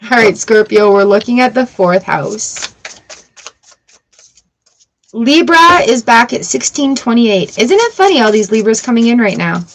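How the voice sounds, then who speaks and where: A woman's voice: on the high side, big pitch swings, a little slow, rough recording. A woman reading tarot cards for a live audience, chatty and upbeat, greeting viewers by name between cards. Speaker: tarot reader.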